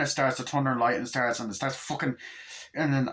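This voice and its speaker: A man recaps a movie in a loose, excitable way, swearing freely and acting out bits of the scenes. His voice is bright and forceful, at a middling pitch. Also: brisk. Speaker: movie reviewer.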